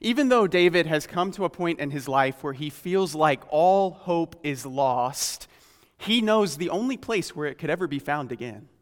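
Male preacher, fairly high voice, earnest and questioning, slows for scripture, long hall reverb. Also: lively intonation. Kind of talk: sermon.

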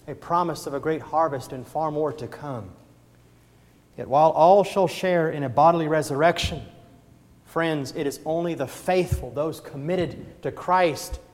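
A man delivers a sermon in a somewhat raised voice, swinging from hushed pleading to loud, emphatic preaching. His words ring out with a long reverb, as if he stands in a large church hall. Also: fairly high pitch. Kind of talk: sermon with invitation.

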